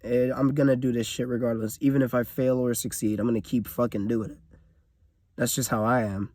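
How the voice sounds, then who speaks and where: A man's voice: medium pitch, level tone, brisk, a little mellow, no echo. Young guy in his car venting hard, swearing a lot, dry close sound. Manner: blunt, profane, emotional venting. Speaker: vlogger. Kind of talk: personal vlog rant.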